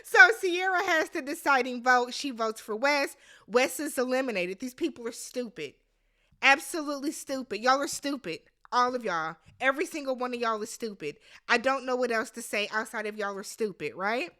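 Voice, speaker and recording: Animated, blunt woman recapping reality TV. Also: a little high, normal speed. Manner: animated, blunt, swears freely, exclaims. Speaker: recap host. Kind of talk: casual TV recap commentary.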